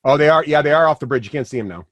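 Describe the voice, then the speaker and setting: A man's voice: on the high side, rapid-fire, dry recording, highs cut off. A man running a tabletop game as game master, rambling with many fillers and restarts.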